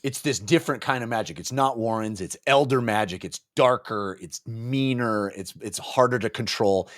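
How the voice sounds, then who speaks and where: A man co-hosting a podcast, chatting excitedly about a book and acting out its characters' lines. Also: mid-range voice, normal speed. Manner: excitable, acts out quotes in voices. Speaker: podcast co-host. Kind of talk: casual book discussion.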